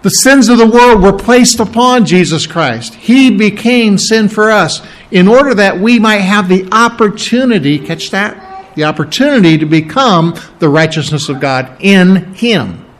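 A man preaching a sermon, working verse by verse through scripture, repeating key phrases and asking rhetorical questions. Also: high-pitched.

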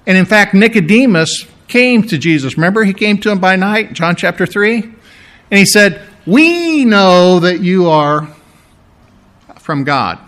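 A man delivers a sermon in a fairly high voice. He teaches verse by verse with lively emphasis. Now and then he slips into a mocking tone. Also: measured pace. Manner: animated, mocks the priests in a put-on sneering voice. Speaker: preacher.

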